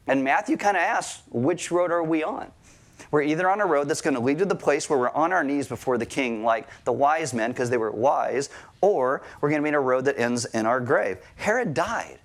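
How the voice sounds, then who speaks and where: Man, pastor, sermon to a congregation, conversational, asks questions, light jokes, slightly high voice. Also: expressive, normal speed. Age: adult, married. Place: church service before a congregation.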